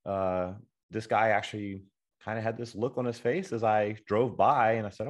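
Low-voiced man giving a casual photography talk. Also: fairly even intonation, moderate pace. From Texas. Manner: conversational, acts out sample dialogue, many fillers. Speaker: guest speaker, photographer.

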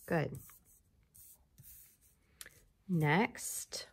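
Woman teacher, slow and encouraging with little kids, super gravelly fry. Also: fairly low pitch, expressive. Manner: slow, encouraging classroom speech with prompts to repeat. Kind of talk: recorded remote lesson for young children.

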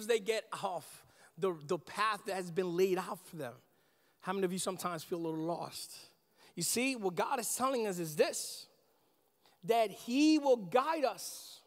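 A man in his thirties preaching a sermon as pastor, animated and conversational, often asking the congregation questions. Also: high-pitched. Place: church sanctuary. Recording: long church reverb.

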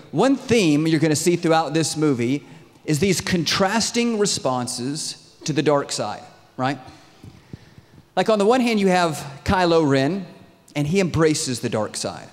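A man in his thirties preaching a sermon in a lively, conversational way, often asking his audience questions. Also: on the high side. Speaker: pastor. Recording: long reverb in a large hall.

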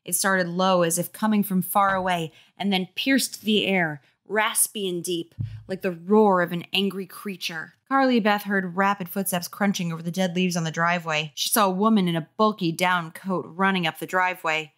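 A woman's voice: on the low side, fairly even intonation, normal speed, a bit bright. A young woman reading a kids' horror book aloud while tipsy, tripping over words and adding sarcastic asides. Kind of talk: comedic drunk read-aloud.

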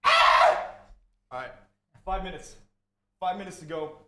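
An excitable young man chatting on a livestream from home, his voice sitting a little high for a man. He talks in loose, slangy bursts and keeps calling his viewers bro. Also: moderate pace, very noisy. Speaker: gaming livestreamer. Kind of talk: casual livestream chat.

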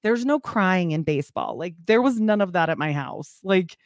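A woman's voice: lowish voice, animated, moderate pace, no echo, studio quality. A woman in her forties chatting casually as a podcast guest, telling self-mocking stories and laughing often. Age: 40s. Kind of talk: casual chat. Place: home, Utah.

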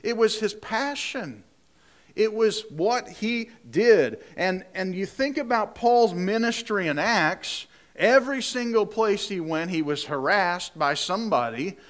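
A man's voice: high-pitched, lively intonation, takes it slowly, a bit bright. A male pastor preaching a sermon in a conversational way, often repeating words and asking rhetorical questions.

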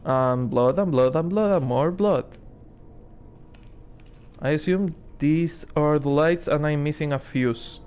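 A man's voice: a little high, takes it slowly, long pauses, a little mellow, smooth. A man giving sarcastic, nervous commentary while playing a horror game, swearing and laughing when scared. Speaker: gaming streamer. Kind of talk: let's play commentary.

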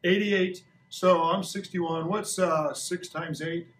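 A man's voice: sits high, fairly even intonation, slow, a bit bright. A man in his sixties teaching a science lesson to a class of children in a playful, joking way, asking them questions. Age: 60s. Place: school classroom. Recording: echoey classroom recorded from a distance.

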